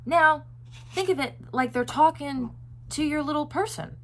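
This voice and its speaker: A woman's voice: high-pitched, measured pace, fairly bright tone. Woman host, casual chat to viewers, earnest and rambling, lots of filler words. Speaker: self-help video host.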